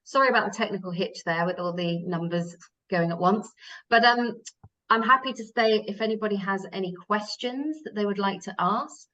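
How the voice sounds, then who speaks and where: A woman's voice: mid-range voice, moderate pace, bright, forceful tone, dull audio. A woman language teacher giving a live taster class, explaining patiently step by step with fillers.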